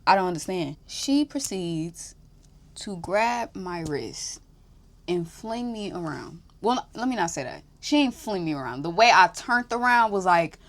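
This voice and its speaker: A young woman hosting a podcast, telling a story in casual chat, animated, swearing freely and breaking into laughs. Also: lowish voice, measured pace. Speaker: podcast host.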